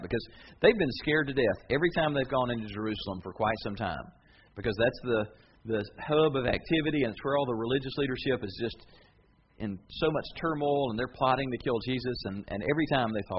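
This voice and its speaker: A male pastor preaching a sermon in a colloquial, dramatic storytelling manner, with a voice of middle pitch. The recording is slightly muffled, with faint ambient noise behind it. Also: animated, quick pace.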